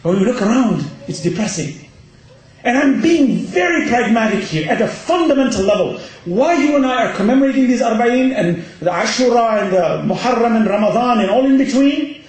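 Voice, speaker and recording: Man, sermon, passionate, rhetorical questions, high lively voice, heavy hall echo. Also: moderate pace. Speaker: religious lecturer. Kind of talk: Muharram sermon. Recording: very echoey hall.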